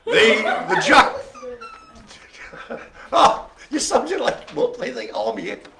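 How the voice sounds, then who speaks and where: A man's voice: extremely high pitch, wildly swooping pitch, takes it slowly, crowd noise. A man hosting a live bingo show, joking theatrically and often laughing as he calls the cards. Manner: theatrical jokey showman who laughs often. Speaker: host calling dog bingo. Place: room with colleagues present.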